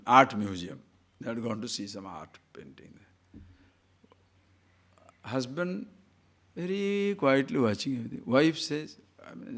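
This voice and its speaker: A man giving a spiritual discourse, telling jokes with animated, emphatic questions and reciting Sanskrit verses. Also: mid-range voice. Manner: animated storytelling, laughs at own jokes, rising emphatic questions. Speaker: spiritual teacher.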